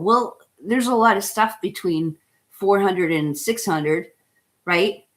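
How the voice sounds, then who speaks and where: A woman's voice: mid-range voice, animated, unhurried. A middle-aged woman hosting a casual wellness talk, chatty and enthusiastic, rambling with lots of "you know" and "right?". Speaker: host.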